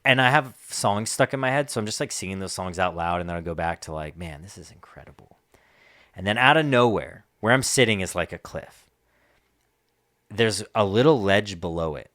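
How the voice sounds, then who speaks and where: A man's voice: low voice, animated, moderate pace, fairly bright tone, no room sound, clean studio sound. A man co-hosting a podcast, telling a story in a casual, laid-back way, swearing and laughing now and then. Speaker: podcast co-host.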